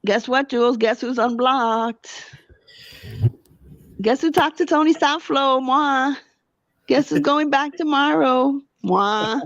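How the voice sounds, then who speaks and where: A woman's voice: high voice, slow, long pauses, fairly bright tone, no echo, highs cut off. A woman livestreamer in casual chat, ranting heatedly and gossiping about other streamers.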